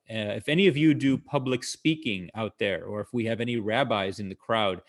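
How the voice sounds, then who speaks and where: A male comedian talking casually to an online audience over a video call, in a conversational way, explaining his jokes and using a lot of fillers. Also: medium pitch.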